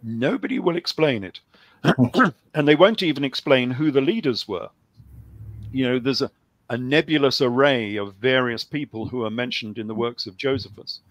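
A man's voice: medium pitch, moderate pace, no echo. A man talking on a call-in show, rambling with lots of ums and a dry humor. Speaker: guest author. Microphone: video call.

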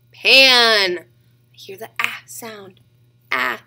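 A woman teaching a kindergarten reading lesson, sounding out letters slowly and clearly. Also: a little high, expressive, sharp tone.

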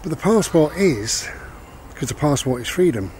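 Walking his dog outdoors, the man works through life advice for his vlog, reflective and repetitive in a casual ramble. His fairly high, darkish voice swings widely in pitch at a moderate pace, with a little hiss or hum in the recording.

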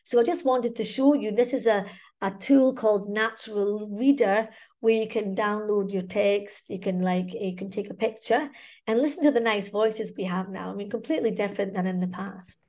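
A woman's voice: medium pitch, normal speed, darkish tone. A woman with a Scottish accent presenting a teacher webinar in a chatty way, often checking in with "okay?" and "right?".

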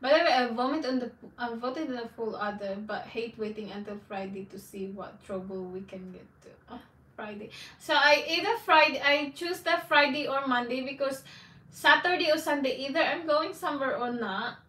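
A woman vlogger talks casually to her viewers in a rambling, candid way, breaking often into exclamations. Her voice sits a little high for a woman. She sounds set back from the mic in a roomy, echoing space. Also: moderate pace, pushed and bright, distant mic. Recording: echoey room, voice off-mic.

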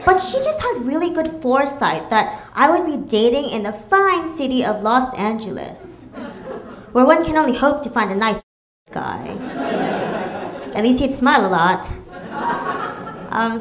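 A woman performs stand-up with a high, bright-pitched voice and playful, deadpan asides. The club stage sounds roomy, and the audience's laughter rolls in behind her. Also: moderate pace, a crowd in the background. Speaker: stand-up comedian. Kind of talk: stand-up comedy set.

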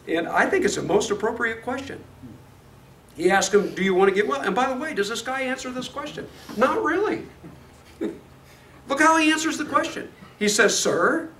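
A man with a Midwestern accent teaches a Bible class, asking his students questions and laughing along with them. His voice sits fairly high. It is recorded from across an echoey room, with faint noise behind it. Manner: lively, asks the class questions, laughs often. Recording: echoey classroom from far off, noisy.

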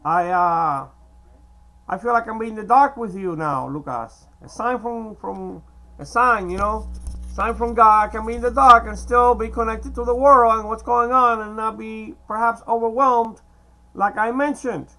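A man whose first language is Spanish, talking in a hesitant, meandering monologue to camera with many filler pauses. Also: high-pitched, bright, forceful tone, poor audio. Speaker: video blogger. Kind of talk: casual rambling monologue to camera.

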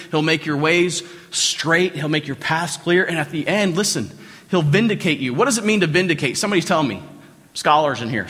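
A man's voice: on the high side, pushed and bright. A man with a Southern American accent preaching a sermon as pastor, conversational, repeating phrases and putting questions to the congregation. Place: church sanctuary. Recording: long hall reverb.

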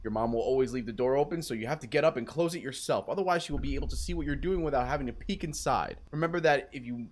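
A young man doing playful let's play commentary, joking loudly, dropping to whispers and jumping to yelps. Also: medium pitch, fast, few pauses. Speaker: gaming YouTuber. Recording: noisy background, mouse clicks.

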